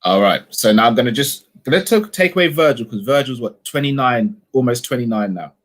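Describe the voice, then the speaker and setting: A man's voice: mid-range voice, expressive, a little fast. A man hosting a casual live-stream chat, reading out viewer comments and steering the talk with pointed questions. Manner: leads discussion with probing questions.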